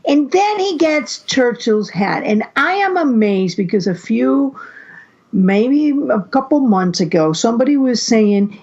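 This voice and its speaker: A fairly high-voiced woman talks through her fan theories on a podcast, often stopping and starting her sentences. Her audio is dull and a bit muffled. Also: big pitch swings, measured pace, a little mellow. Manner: theorizing, restarts a lot. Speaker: podcast co-host. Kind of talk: casual podcast chat. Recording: muffled lo-fi sound.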